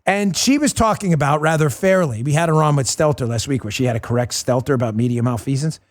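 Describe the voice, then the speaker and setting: A man hosting a political talk show, talking in a fast, combative, sarcastic way. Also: a little high. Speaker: host.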